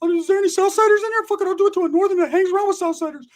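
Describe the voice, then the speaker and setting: Man voicing excitable young buddy, high and squeaky, gleeful, story bit. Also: rapid-fire.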